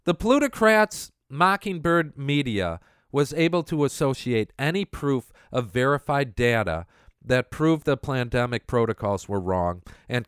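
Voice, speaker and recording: A man's voice: medium pitch, a bit bright, smooth, no room sound, clean studio sound. A man hosting a show, ranting in scornful political commentary with a sneering, mocking manner. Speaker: podcast host.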